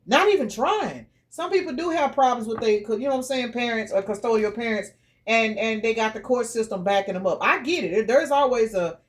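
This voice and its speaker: Blunt, cursing woman reading tarot. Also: on the high side. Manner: blunt, profane, preachy. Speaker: tarot reader.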